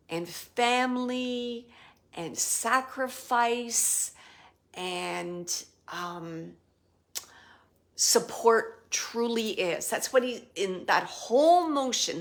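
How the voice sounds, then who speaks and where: Slow soft-talking woman doing a medium reading, halting, keeps dropping to a whisper. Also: mid-range voice. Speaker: psychic medium. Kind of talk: live spirit reading.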